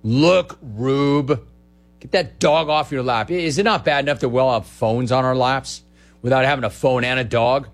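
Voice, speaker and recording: A man hosting a call-in radio show, brash and quick, riffing and repeating words for comic effect. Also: medium pitch. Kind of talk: sports talk radio call-in.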